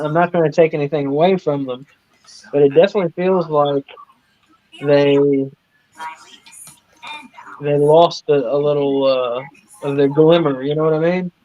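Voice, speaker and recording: Blunt swearing man on a dull stream. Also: a little high. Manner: blunt, swears casually, voices his own reactions. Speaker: podcast co-host. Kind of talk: casual chat during a wrestling watch-along. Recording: slightly dull lo-fi stream audio.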